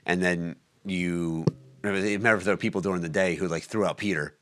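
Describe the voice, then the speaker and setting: A man co-hosting a faith podcast in casual chat, rambling and jokey as he thinks out loud. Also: deep voice, fairly even intonation, brisk. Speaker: podcast co-host.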